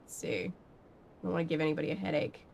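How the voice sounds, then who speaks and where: A woman's voice: sits low, steady tone, brisk, vocal fry, a little mellow, a little hiss or hum. A woman streaming from home, chatting casually and rambling with many fillers while she answers her chat. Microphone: webcam setup.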